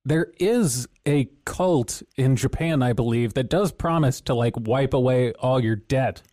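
A man's voice: mid-range voice, unhurried, mellow, no room sound. A man co-hosting a video reaction, talking casually and joking, with plenty of swearing. His voice sits in a middle register. The sound is dry and close. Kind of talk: casual profane reaction commentary.

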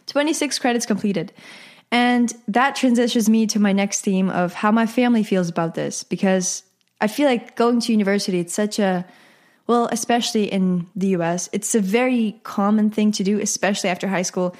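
A woman's voice: medium pitch, moderate pace, darkish tone. A teenage girl hosting her own podcast, talking casually in a chatty, rambling way with asides and self-corrections. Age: teens. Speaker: podcast host. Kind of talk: casual solo podcast chat.

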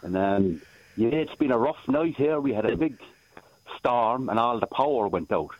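A man's voice: fairly low pitch, expressive, normal speed, no echo. An Irish man calling in to a radio show, talking in a rambling, easygoing way. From Ireland. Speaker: radio caller. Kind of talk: casual phone chat. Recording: lo-fi phone line.

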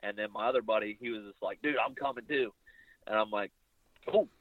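A young adult man telling a long hunting story in a casual interview, rambling and animated, acting out the things people said to him. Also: fairly low pitch, a little fast, no room sound. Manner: rambling, animated retelling with quoted dialogue. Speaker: bowhunter guest. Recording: phone-like line, very dry.

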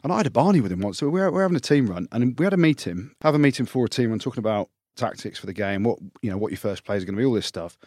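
A man, a former rugby player, co-hosting a podcast and telling stories fast in casual chat, swearing freely. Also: mid-range voice, lively intonation, a little mellow, dry recording, studio quality.

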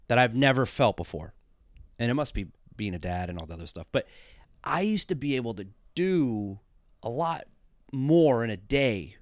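A man's voice: mid-range voice, dry recording, clean studio sound. A man co-hosting a casual podcast, rambling and self-deprecating, often trailing off into a mumble. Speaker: podcast co-host.

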